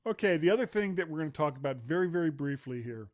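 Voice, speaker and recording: A man co-hosting a casual tech podcast, chatty and quick to laugh, telling stories and reading show notes aloud. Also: a little high, expressive. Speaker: podcast co-host.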